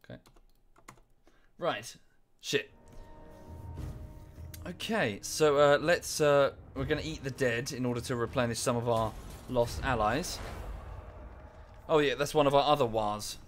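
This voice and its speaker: A man's voice: medium pitch, a little slow, pauses often, slight background noise. A young man giving casual live-stream commentary on a strategy game at home, chatty, easily distracted and apologetic. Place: room at home.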